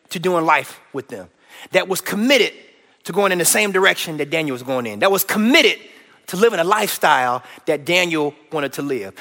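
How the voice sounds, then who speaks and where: A high-pitched man preaches a sermon with a bright, forceful ring. His voice carries a long reverb through a church hall. He is lively and folksy, building on repeated phrases and joking with the crowd. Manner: lively preaching, loud and energetic, with repetition; folksy and playful, cracks jokes with the congregation. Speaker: pastor.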